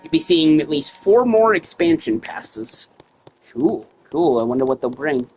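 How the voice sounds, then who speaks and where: A man's voice: on the high side, big pitch swings, a little slow, darkish tone, husky, rough recording. A man livestreaming a video game, swearing and joking sarcastically as he reads the game's dialogue aloud in his own voice. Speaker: gaming livestreamer. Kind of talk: casual gameplay commentary.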